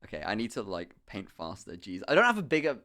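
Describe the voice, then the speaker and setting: A young man from Somerset, a streamer chatting casually while he paints, telling stories excitably with lots of swearing and laughter. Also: lowish voice, fast talker. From Somerset, England. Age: young adult.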